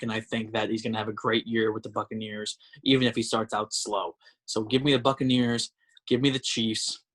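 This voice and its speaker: A man's voice: medium pitch, a bit bright. Confident male sports podcast host. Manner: confident, emphatic picks. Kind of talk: casual sports podcast talk.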